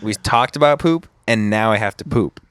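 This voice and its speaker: A man guesting on a podcast in casual chat, deadpan and mock-grumpy. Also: on the low side, moderate pace, clean tone, no room sound.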